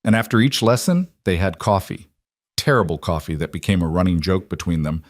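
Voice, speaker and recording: Male narrator, low voice, dry close mic; calm, measured scripted story reading. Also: no room sound.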